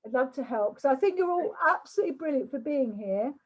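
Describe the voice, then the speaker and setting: A woman's voice: high-pitched, lively intonation, fast talker, low-quality recording. An older woman from England giving a chatty online workshop talk over a video call, often repeating words and restarting. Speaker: workshop speaker.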